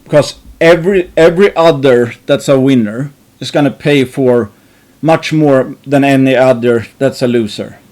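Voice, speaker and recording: Guy thinking out loud about risky stock bets, rambly, lots of restarts, swears a bit. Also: medium pitch, moderate pace. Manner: rambling, many restarts and fillers, casual swearing. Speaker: investing channel host. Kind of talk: thinking aloud about investing.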